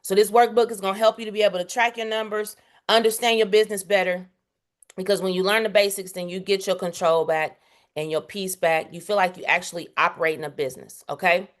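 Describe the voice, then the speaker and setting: Fast and steady in a mid-range voice, a woman leads a bookkeeping workshop. She's a casual, slang-using instructor who teaches directly and emphatically, checking in again and again with "okay?".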